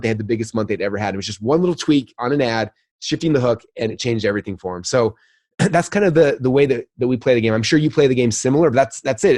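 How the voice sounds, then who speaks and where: A man talking casually as a podcast guest, telling animated stories and acting out both sides of conversations. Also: medium pitch. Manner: rapid, animated storytelling with acted-out dialogue. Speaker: guest, marketing entrepreneur.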